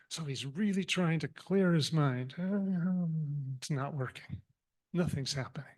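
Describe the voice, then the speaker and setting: Lively man telling a sermon story. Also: on the high side, a little slow. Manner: animated storyteller, mixes humor and reflection. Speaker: minister.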